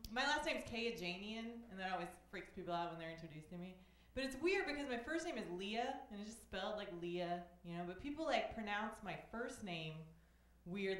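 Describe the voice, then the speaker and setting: A woman from Oklahoma doing a stand-up set at an open mic, with wry, deadpan storytelling. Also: medium pitch, a little hiss or hum. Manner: wry, deadpan storytelling with sudden voiced quotes. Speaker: stand-up comic. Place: small comedy club stage. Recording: echoey comedy club.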